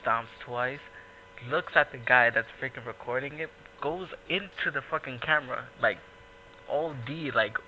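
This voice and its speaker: A man hosting a casual podcast, telling a profane, animated story and acting out the people in it. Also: mid-range voice, moderate pace, slight background noise, low-quality recording. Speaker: podcast host.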